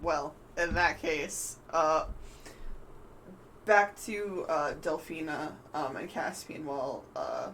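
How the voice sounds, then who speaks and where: A man's voice: fairly high pitch, a bit bright, slight background noise, poor audio. A man narrating as game master, rambling with many fillers. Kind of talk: narrating a tabletop game on a live stream.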